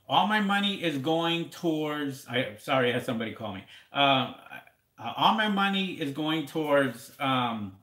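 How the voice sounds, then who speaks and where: A man's voice: a little high, pushed and bright, reverberant. A man hosting a casual live question-and-answer stream, rambling and repeating words as he talks straight to his viewers. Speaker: livestream host answering seller questions.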